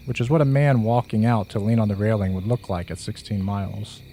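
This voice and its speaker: A man narrating a first-person horror story in a slow, measured, hushed way. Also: fairly low pitch, slight background noise.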